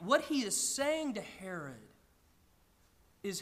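A man preaches from the pulpit in a high, ringing voice. He sounds earnest and often stumbles over repeated words as he works toward his point. His voice echoes with the long reverb of a large church hall. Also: expressive, unhurried, sharp tone. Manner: earnest, with frequent stammered restarts. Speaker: pastor. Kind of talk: sermon. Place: church sanctuary with a congregation.

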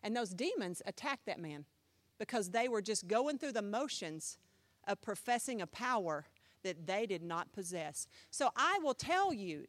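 A woman pastor preaching a sermon, emphatic, firing rhetorical questions and swinging from loud to hushed. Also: fairly high pitch, dry recording.

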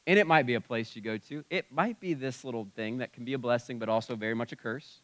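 A male pastor preaches in a relaxed, conversational way, swinging between soft asides and louder emphasis. His voice sits at an ordinary pitch and sounds dry and close, with little room sound. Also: fairly quick, few pauses, dry recording. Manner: conversational preaching with shifts in loudness. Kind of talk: sermon. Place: church sanctuary.

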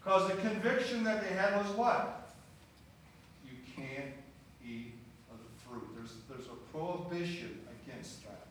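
His voice is a little high, expressive, a bit bright and slightly slow as he delivers a sermon with scripture reading. Conversational in manner, he quizzes the congregation, and the recording sounds far off and heavily echoed, with faint room noise.

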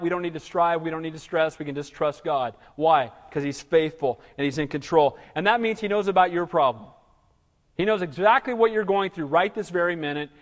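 High-voiced pastor preaching in a hall. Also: male voice. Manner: conversational preaching with rhetorical questions, calling for amens. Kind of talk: sermon. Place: church hall. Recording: long reverb in a large room.

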